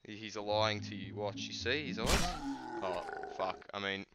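A man with an Australian accent giving sweary gameplay commentary, excitable and yelling at enemies. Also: on the high side, measured pace, very noisy. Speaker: gaming video host. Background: loud game music.

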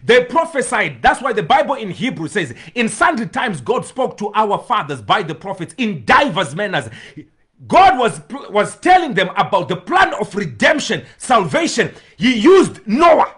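A man preaching a sermon as pastor, swinging between loud shouts and hushed pleading, with bursts of tongues. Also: sits high, big pitch swings, normal speed, husky.

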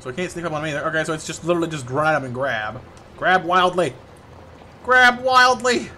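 A man with a bright, forceful voice commentates live gameplay in a playful, chatty way, greeting viewers between reactions. His pitch sits a little high for a man, and a faint noise runs underneath. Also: rapid-fire. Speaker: streamer.

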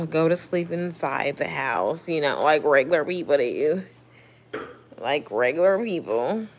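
A woman's voice: low-pitched, animated, slow pace, a little hiss or hum. A young woman hosting a casual live stream outdoors, reading chat aloud and answering, blunt and swearing freely. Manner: blunt, swears freely, talks back to trolls. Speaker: livestream host reading chat. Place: outdoors at home, evening.

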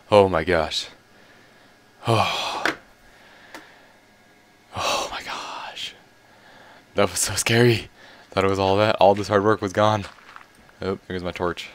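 A man giving casual, rambling commentary while playing a game, excitable and laughing often. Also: low-pitched, slight background noise. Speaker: gaming video creator.

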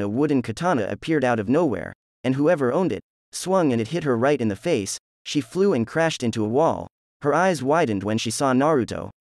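Male narrator, steady flat read, mid-pitched, dry close recording. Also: dry recording. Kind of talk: reading fan fiction aloud.

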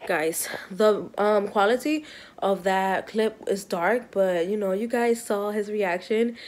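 A pregnant woman in her thirties from New York, chatting excitedly to camera in a rambling, giggly way. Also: mid-range voice, slow. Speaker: vlogger, mother of five. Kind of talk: casual vlog chat to camera.

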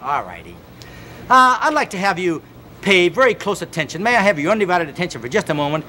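Slight background noise sits under this high, fast voice of a man hosting a home exercise program on TV. The fitness host counts reps energetically, giving coaxing commands and addressing the viewer earnestly and directly.

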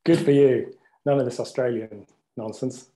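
A man's voice: medium pitch, steady tone, moderate pace, warm tone, slight background noise. A man hosting a webinar in an upbeat, jokey way, often restarting his sentences. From United Kingdom. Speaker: company CEO, webinar host.

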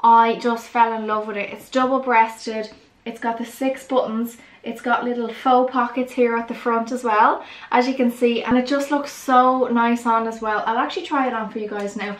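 A woman's voice: a little high, fairly even intonation, normal speed. A young woman, chatting enthusiastically through a clothing haul on her vlog. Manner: chatty and enthusiastic, lots of "really, really". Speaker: vlogger. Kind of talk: casual haul vlog chat. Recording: echoey room.

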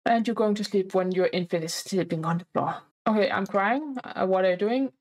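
Woman, gameplay commentary, chatty, plays the baby, playfully demanding, mid-pitched voice. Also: a little fast, darkish tone.

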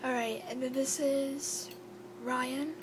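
A woman chats casually as she hosts her video, apologizing often and slipping into a whisper now and then. Her voice sits high. A clear hum runs under the recording. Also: steady tone, takes it slowly. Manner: chatty and apologetic, drops to a whisper at times. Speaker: video host. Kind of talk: casual chat.

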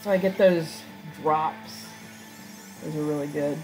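A woman's voice: low-pitched, fairly even intonation, takes it slowly, a little mellow, soft background music, low-quality recording. A woman chatting casually and making joking asides while she plays a video game. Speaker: let's-play gamer. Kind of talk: casual gameplay commentary.

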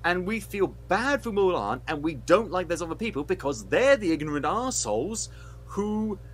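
A man's voice: high-pitched, big pitch swings, normal speed, slight background noise. A man co-hosting a film review podcast, ranting with heated, sweary sarcasm. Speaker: podcast co-host reviewing films. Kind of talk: casual podcast rant.

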